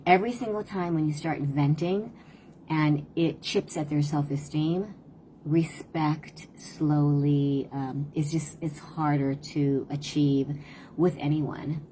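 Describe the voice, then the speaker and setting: A woman in her fifties giving earnest, conversational parenting advice on a live stream, often pausing to hesitate. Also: sits low, mellow, slight background noise. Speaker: parenting talk host and tutor.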